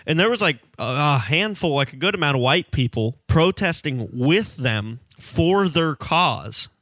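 A man's voice: fairly high pitch, expressive, measured pace, fairly bright tone, no echo, studio quality. Emphatic young man telling stories. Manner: emphatic, storytelling, calls listener bro. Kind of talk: casual chat.

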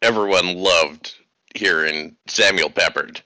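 A man's voice: deep voice, takes it slowly, bright, forceful tone, no room sound. A man co-hosting a casual podcast, making dry teasing remarks. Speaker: podcast co-host.

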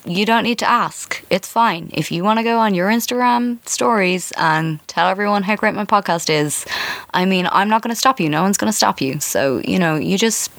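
A woman's voice: mid-range voice, moderate pace, creaky, a bit bright, no room sound. A woman in her thirties with an Irish accent, hosting a casual solo podcast in a chatty, self-mocking way. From Ireland. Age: 30s. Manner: chatty and self-mocking, with many fillers and asides. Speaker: podcast host.

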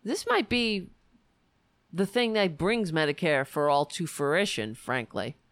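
A woman's voice: lowish voice, big pitch swings, measured pace, dry recording. A woman delivering an angry political rant in an indignant, profane, emphatic way.

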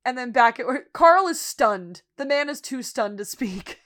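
A young woman with a fairly high voice chats on a casual podcast. She retells scenes with animated energy and drops into little acted bits. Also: measured pace. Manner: animated storyteller, acts out lines with laughs. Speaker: podcast co-host.

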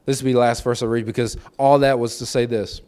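A man's voice: mid-range voice, level tone, fast, darkish tone, smooth. A man preaching a conversational sermon, telling stories and acting out the dialogue, often repeating key phrases for emphasis. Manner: storytelling, acting out his own and others' dialogue.

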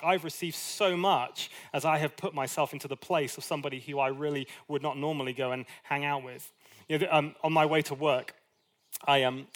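Conversational man preaching a sermon. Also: fairly high pitch. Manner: conversational and animated, with asides and acted quotes. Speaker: pastor.

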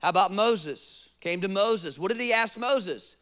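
A male pastor preaching a sermon, acting out quotes and asking rhetorical questions, sometimes dropping to a soft, close appeal. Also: high-pitched, expressive, moderate pace, hardly any pauses.

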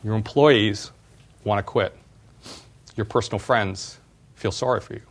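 A middle-aged man, a former startup CEO, giving a university talk and telling personal stories in an animated way. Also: on the low side, unhurried. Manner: animated storyteller, voice jumps up when retelling exchanges.

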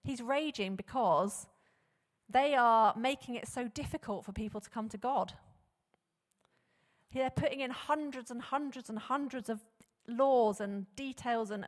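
A woman preaching a sermon, animated and conversational, often posing rhetorical questions to the congregation. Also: on the high side, moderate pace. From England. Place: church hall. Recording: long hall reverb.

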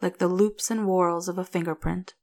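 Lowish-voiced woman calmly reading a story out loud. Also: moderate pace. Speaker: narrator. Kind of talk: reading fan fiction aloud.

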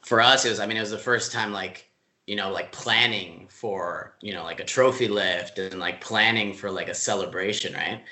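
A man telling stories in a casual interview, relaxed and full of fillers, laughing easily. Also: fairly low pitch, normal speed, reverberant. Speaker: club staff member being interviewed.

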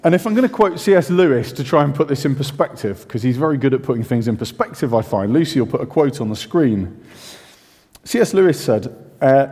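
A man preaching a sermon, his tone mellow and warm while his pitch rises and falls with lively expression. He talks in a chatty, self-questioning way with casual asides. His voice carries a long reverb from the church hall. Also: brisk, husky.

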